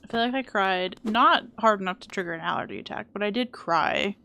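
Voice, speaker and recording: Chatty woman streamer with vocal fry. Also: mid-range voice, a little fast, pushed and bright. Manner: chatty, self-deprecating, swears casually, playful baby talk. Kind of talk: live game stream commentary.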